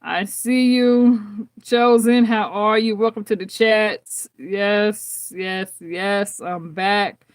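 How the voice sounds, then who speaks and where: Woman tarot reader talking real slow to her chat, heartfelt, laughs a lot, says things twice. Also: medium pitch, steady tone. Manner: heartfelt, chatty, laughs often, repeats phrases. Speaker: tarot reader hosting a live channel. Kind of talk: casual live-stream chat to viewers.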